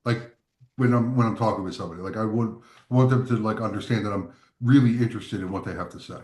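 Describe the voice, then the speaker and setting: A man's voice: on the low side, fast, a little mellow, roomy sound. A man talking as a guest on a group talk show, wry and self-mocking. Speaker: guest photographer. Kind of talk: casual group chat.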